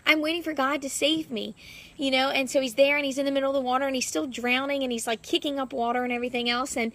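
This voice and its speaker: A young woman with a slightly high voice vlogs casually outdoors in her backyard. She is a fitness coach, rambling and upbeat. Her sentences are full of "like" and "you know". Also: little pitch movement, racing, fairly bright tone. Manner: rambling, heavy use of "like" fillers. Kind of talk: casual vlog monologue.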